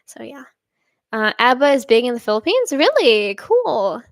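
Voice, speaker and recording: A bright-voiced young woman from Sweden in her twenties, pitched a little high, chatting casually as she reads viewer comments aloud. She rambles in an upbeat way and laughs often. The sound is dry and close. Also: big pitch swings, normal speed, dry recording. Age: 20s. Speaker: channel host.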